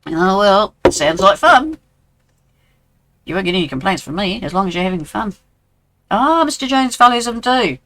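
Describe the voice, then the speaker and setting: A man's voice: sits high, very animated, moderate pace, long pauses, pushed and bright, slight background noise, rough recording. A man in his sixties with a New Zealand accent, chatting casually with viewers while streaming a game and answering their messages. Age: 60s. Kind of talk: casual live-stream chat.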